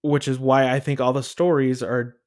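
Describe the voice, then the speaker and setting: A man co-hosting a casual podcast, leading the talk in a relaxed, storytelling way. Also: medium pitch, normal speed. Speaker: podcast co-host. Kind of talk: casual chat.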